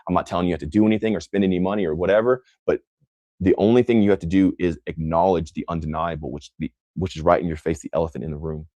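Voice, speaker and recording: A man's voice: deep voice, darkish tone, no room sound. A man hosting a motivational livestream, speaking intensely and emphatically, often repeating phrases for effect. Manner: scornful toward critics. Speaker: host answering live comments.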